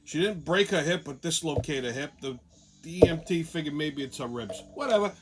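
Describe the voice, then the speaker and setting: A man's voice: a little high, fairly quick, heavy background noise. A man telling a long profane story in a casual rant, often acting out other people's lines. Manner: profane, animated, jumps into quoted voices. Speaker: show host.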